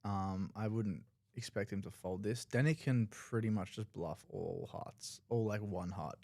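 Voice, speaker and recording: Australian male analyst, lower voice, dry sound, thinks out loud over hands. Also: unhurried, gravelly, dry recording. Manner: analytical, loose with many fillers. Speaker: poker analyst. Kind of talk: live tournament commentary.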